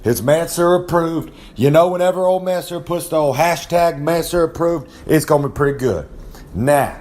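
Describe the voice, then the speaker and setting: This young man's voice sits a little high and sounds slightly mellow at a normal speed. A wrestler with a Southern American accent, he rambles through a podcast segment in a folksy drawl from his trailer at home, referring to himself by name in the third person.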